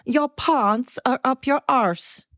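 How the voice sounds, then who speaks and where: A woman voicing a blunt teenage schoolgirl exchange student with a South African accent, drawn out and high. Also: fairly bright tone, no echo, muffled recording. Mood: teasing. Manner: high, slow, drawn-out put-on delivery.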